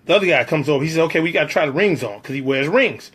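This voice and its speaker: Animated husky man telling a story. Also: on the high side, very fast. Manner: acts out other people's lines in shifting voices. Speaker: background actor telling a story.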